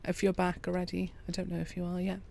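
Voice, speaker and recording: A woman, quietly commentating a farming game and chatting with her viewers. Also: fairly low pitch, quick pace, vocal fry. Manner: quiet, relaxed, chats with viewers. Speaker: streamer. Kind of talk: calm gameplay commentary.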